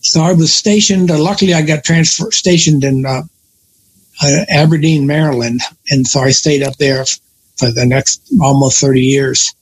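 An older man with a somewhat raised pitch talks through his past in a relaxed, meandering way. He keeps backtracking to fix dates and details. A faint hiss of noise sits under the recording. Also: moderate pace, low-quality recording. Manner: rambling storyteller, self-correcting. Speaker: guest. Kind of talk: casual conversation.

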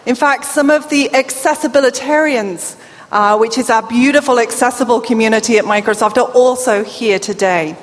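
A woman's voice: on the high side, normal speed. A middle-aged British woman with a deaf accent gives an upbeat, playful conference keynote and jokes with the crowd. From England. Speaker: keynote speaker. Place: large hall. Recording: long hall reverb.

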